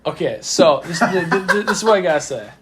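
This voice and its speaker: A man's voice: sits high, animated, a little fast, a crowd in the background. A young man hosting a casual podcast with friends, telling a story with lots of stammered repeats, recorded on a phone. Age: young adult. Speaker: podcast host telling stories. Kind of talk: casual chat among friends. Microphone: phone voice memo app.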